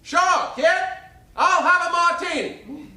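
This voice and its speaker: A man on a stage voicing a booming, blunt older woman who is a musical stage star. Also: takes it slowly, sharp tone, heavily acted. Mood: brassy. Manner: blunt and brassy. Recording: roomy live stage sound from a distance.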